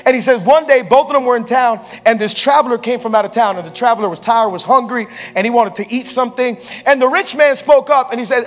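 A pastor preaching a sermon on a church stage, telling a story playfully and acting out the people in it. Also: male voice, very high voice, fast talker, few pauses, faint music behind. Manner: lively, playful storyteller who acts out quotes.

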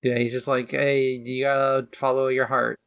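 Podcast co-host, casual anime recap, gravelly voice, blunt and wry delivery. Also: mid-range voice, flat delivery, moderate pace, a bit bright. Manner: blunt and wry, with swearing and dry asides. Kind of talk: casual chat.

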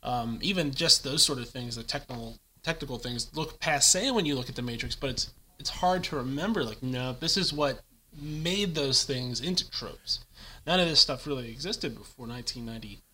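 A man's voice: medium pitch, animated, moderate pace, sharp tone, rough recording. A man co-hosting a casual podcast chat, talking animatedly and throwing in movie quotes with gusto. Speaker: podcast co-host.

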